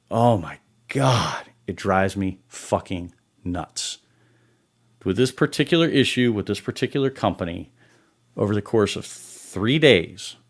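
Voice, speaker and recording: A man hosting a comedic rant show, exasperated and sarcastic, swearing heavily. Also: lowish voice. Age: adult. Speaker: podcast host.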